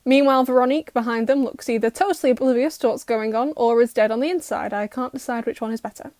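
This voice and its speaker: A young woman recapping a cartoon episode in a sarcastic, exasperated roast, putting on quick mock voices for the characters. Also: a little high, darkish tone. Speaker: YouTuber reacting to a cartoon.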